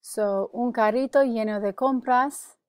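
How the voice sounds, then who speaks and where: Slow, careful woman teaching vocabulary. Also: fairly high pitch, no room sound. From United States. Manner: slow, careful, repeats words for pronunciation. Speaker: Spanish teacher. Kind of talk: recorded vocabulary lesson.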